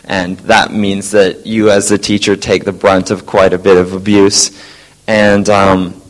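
A science teacher telling a group a lively story about his day, acting out the voices of colleagues. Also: low-pitched, unhurried, low-quality recording. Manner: animated, acts out quoted voices. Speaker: science teacher sharing a testimony.

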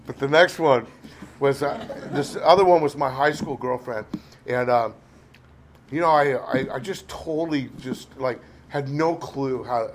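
A man's voice: mid-range voice, a little hiss or hum. A middle-aged man telling a candid recovery story in a rambling, self-deprecating way, full of "you know". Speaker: recovery speaker. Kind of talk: candid personal recovery talk.

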